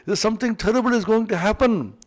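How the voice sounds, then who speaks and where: A blustering male wind god who boasts loudly and pelts his listener with questions, as a male teacher voices him in a retold myth. The voice stays fairly high for a man. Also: natural voice. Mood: bragging. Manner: loud, bragging, rapid-fire questions.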